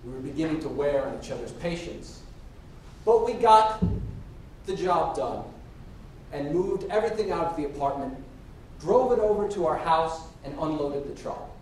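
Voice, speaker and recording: A man giving a storytelling speech as a contestant at a public speaking competition, acting out the quoted dialogue. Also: normal speed. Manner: lively, acts out quoted dialogue. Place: hall. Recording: echoey hall from far off with faint rumble.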